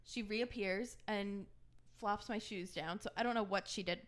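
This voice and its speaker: A woman's voice: medium pitch, normal speed. A young woman co-hosting a podcast, casually telling a long story and acting out the other people's lines in her own voices. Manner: animated storyteller who acts out quoted dialogue. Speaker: podcast co-host.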